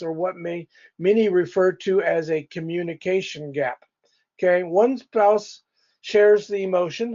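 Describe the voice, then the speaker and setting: A man's voice: high-pitched, a little mellow, highs cut off. A male pastor teaching a church couples class in a conversational way, speaking directly to the couples in the room.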